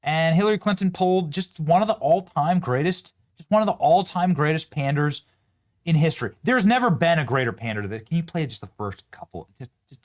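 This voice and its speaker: A man hosting a political commentary show, mocking and animated, often breaking into laughter. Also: a little high, a little fast. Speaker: host.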